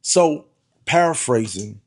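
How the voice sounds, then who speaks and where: A man's voice: medium pitch, expressive, slow, a little mellow. A middle-aged man, a pastor, earnestly telling a personal testimony, often repeating words and calling listeners "y'all".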